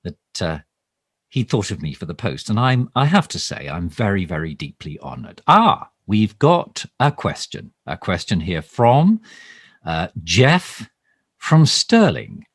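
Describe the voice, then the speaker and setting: Man doing a pompous minister, bumbling, stammering, husky voice, lively swoops, low pitch, dry close sound. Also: measured pace, no room sound, full character voice. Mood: self-important. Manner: hesitant, rambling, full of ums and stammered restarts; pompous, overly formal. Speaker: satirical minister character. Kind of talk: improvised comic monologue, mock live stream.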